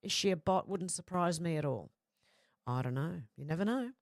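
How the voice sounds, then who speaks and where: A woman's voice: on the low side, animated, normal speed, no echo, clean studio sound. A woman with an Australian accent hosting a casual livestream, reading viewer comments aloud and answering them bluntly with her own opinions. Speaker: livestream host.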